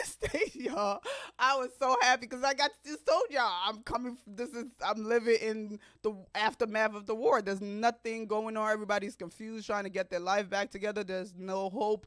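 A high-pitched woman in her thirties from Africa tells a personal story as a podcast host. She is expressive and chatty, talks straight to her listeners and laughs often. The sound is dry and close, with almost no room echo. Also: moderate pace. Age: 30s.

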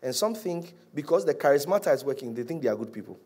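A male pastor preaching a sermon, animated, rising to loud peaks and dropping to hushed, drawn-out lines. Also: a little high, husky.

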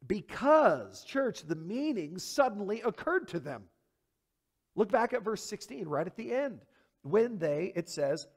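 A male pastor delivering a sermon, his voice sitting fairly high for a man. He preaches in an animated, emphatic way, dropping into hushed low asides and then climbing to loud, high peaks. He keeps firing rhetorical questions at the congregation. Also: normal speed.

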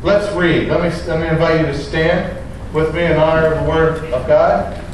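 A male pastor gives an earnest sermon in a somewhat higher voice. He is recorded from a distance in an echoey church, with faint room noise behind him. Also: fairly even intonation, moderate pace. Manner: earnest preaching with prayer and scripture reading. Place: church sanctuary.

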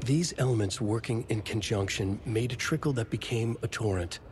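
A man voicing a grim male narrator of a dark horror tale, reading scripted narration in a grave, measured way. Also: lowish voice, a little hiss or hum, natural voice. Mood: ominous. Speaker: game narrator.

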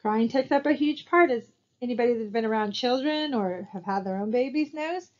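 A woman with a fairly high voice records a lecture over her slides. She talks in a conversational way and often stops to ask her students rhetorical questions. The recording sounds somewhat dull and lo-fi. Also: a little fast, a little mellow. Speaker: college instructor.

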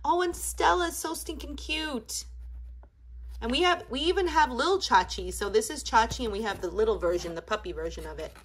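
Woman, 30s, enthusiastic, casual unboxing chat, high pitch. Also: normal speed, breathy edge. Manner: gushing, enthusiastic. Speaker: toy unboxing vlogger.

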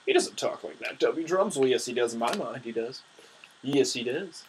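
Young male gamer, husky, casual trash-talk commentary. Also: mid-range voice, normal speed, poor audio. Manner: excitable, trash-talking. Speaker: gameplay commentator.

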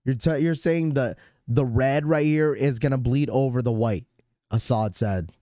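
Male streamer, hoarse from a sore throat, casual rambling chat host, mid pitch, dry close sound. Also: a little slow, warm tone, dry recording. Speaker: sneaker livestream host.

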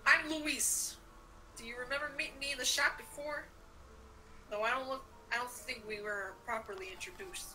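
Brash game cat, heavy New Jersey accent, high and loud; a woman doing the voice. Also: moderate pace, distant mic, faint music behind, poor audio. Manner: over-the-top, trailing into mock gibberish.

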